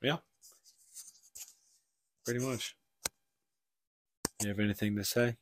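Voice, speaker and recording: A man's voice: mid-range voice, fairly even intonation, takes it slowly, slight background noise. A man co-hosting a casual book podcast, rambling through a story retelling with lots of "like" and restarts. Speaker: podcast co-host.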